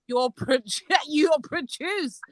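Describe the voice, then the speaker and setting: A woman's voice: high voice, slow pace, a crowd in the background. A woman, co-hosting a streamed panel, teasing a caller and asking him pointed questions. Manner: teasing, questioning, laughs easily. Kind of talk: casual live stream chat.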